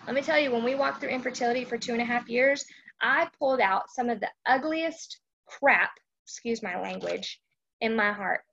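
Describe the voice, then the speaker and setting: A woman's voice: on the high side, normal speed, gravelly, a bit bright, husky, muffled recording. A woman from Texas, hosting a casual devotional live stream chat and often checking in with her listeners. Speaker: host of a faith chat.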